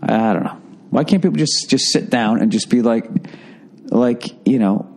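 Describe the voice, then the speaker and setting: This podcast host speaks at a moderate pace with a medium-pitched voice that has a breathy edge. Flying solo, he delivers a casual comic monologue full of swearing, sarcasm and tangents.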